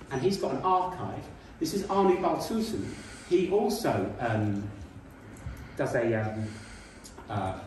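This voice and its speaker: A man's voice: on the high side, a little mellow, a little hiss or hum. A middle-aged man giving an illustrated talk as a guest speaker, telling stories with emphasis and frequent hesitations. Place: school hall. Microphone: speaking at a distance from the mic. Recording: very echoey hall, voice from far off.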